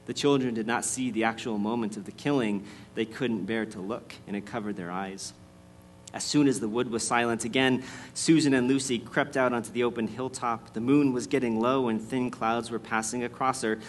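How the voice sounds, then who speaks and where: A man reading a storybook aloud in a measured, expressive way, then speaking to his listeners as the host. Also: mid-range voice, a little hiss or hum.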